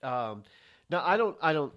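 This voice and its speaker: A man's voice: on the high side, big pitch swings, muffled recording. A man hosting a talk show, chatting and then giving his own opinions on the news. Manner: halting restarts, then forceful opinions on the news. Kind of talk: casual talk radio commentary.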